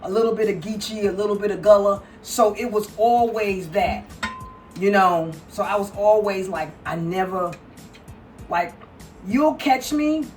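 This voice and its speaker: A woman's voice: mid-range voice, unhurried, a little mellow, recorded from a distance, faint music behind. A woman with a mix of Brooklyn and Southern accent, chatting casually on camera at home while showing her fashion pieces. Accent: mixed Brooklyn and Southern. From New York. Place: home kitchen.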